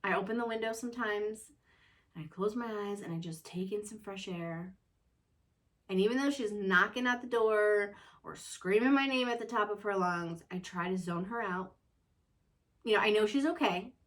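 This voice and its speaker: A woman's voice: mid-range voice, normal speed, fairly bright tone. A woman hosting a casual chat about motherhood, talking in an earnest, self-reflective way and often checking in with "you know.". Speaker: mother and show host.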